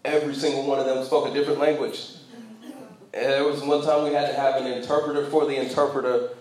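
A man's voice: medium pitch, level tone, quick pace, darkish tone, roomy sound, poor audio. A man from the United States giving a sermon in a loose, conversational way, with many fillers and storytelling asides. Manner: conversational, frequent fillers, laughs while telling stories. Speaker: preacher. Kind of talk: sermon talk.

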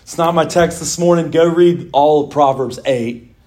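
A man, preaching an animated sermon in church as the pastor, telling stories and reading scripture. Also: on the high side, normal speed. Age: 40s. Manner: animated storytelling preaching, mimics owl calls.

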